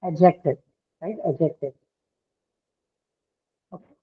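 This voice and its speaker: A woman's voice: deep voice, takes it slowly, husky. A woman teaching English pronunciation, explaining step by step and checking with her students as she goes. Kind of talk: online pronunciation lesson. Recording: tinny phone-like line.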